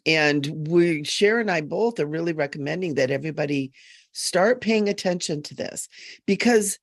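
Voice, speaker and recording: Woman, psychic medium, live-stream chatter, gravelly, earnest, emphatic, dry webcam sound. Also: sits low, normal speed, no room sound.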